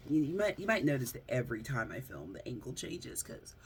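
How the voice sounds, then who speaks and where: A woman's voice: very deep voice, big pitch swings, brisk, slight background noise. Chatty, rambling woman vlogger. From United States. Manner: rambling, chatty, frequent laughs and fillers. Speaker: YouTuber. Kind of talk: casual vlog chat. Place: at home, seated close to camera. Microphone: phone front camera.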